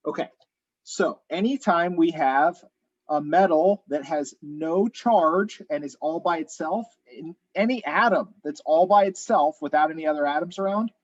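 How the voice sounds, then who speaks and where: A man teaching chemistry in an online class, explaining methodically step by step, his voice a little hoarse. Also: on the high side, no room sound, lo-fi sound. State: slightly hoarse. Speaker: chemistry instructor.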